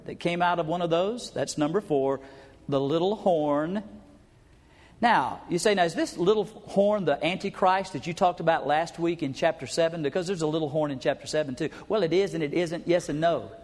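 A man preaching a folksy, emphatic sermon to his congregation, sometimes acting out crowd chants. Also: high-pitched. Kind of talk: sermon teaching. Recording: hall reverb.

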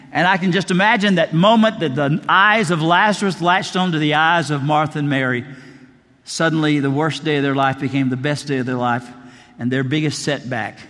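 A man's voice: a little high, a bit bright, in a large hall. A middle-aged male pastor preaching a sermon, telling a story and acting out the dialogue. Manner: storytelling, acts out quoted dialogue.

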